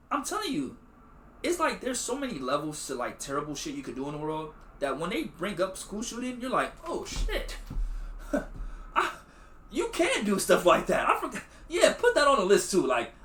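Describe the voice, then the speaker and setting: A man's voice: high voice, fairly bright tone, roomy sound, a little hiss or hum. A man hosting a podcast, recapping a movie in loose slangy chat full of swearing and acted-out quotes. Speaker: podcast host.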